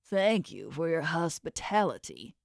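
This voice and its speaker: A woman's voice: low-pitched, very animated, unhurried, vocal fry, no room sound, studio quality, heavily acted. Woman reading a wary, placating male tracker. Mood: defensive. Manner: defensive, placating, stammering under pressure. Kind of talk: audiobook character voice.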